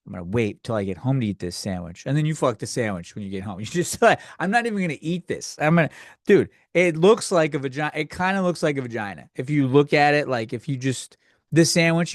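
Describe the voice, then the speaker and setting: A man's voice: a little high, expressive, fast, dry recording, clean studio sound. A man hosting a solo comedy podcast, ranting crudely and rambling, acting out the people in his stories. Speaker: podcast host.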